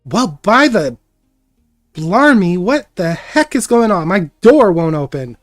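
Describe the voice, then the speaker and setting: A game master voicing an indignant older aunt who shouts at her locked door and then turns gracious to her helpers. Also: expressive, measured pace, no echo, studio quality, soft background music, natural voice. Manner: shrill, booming, scolding.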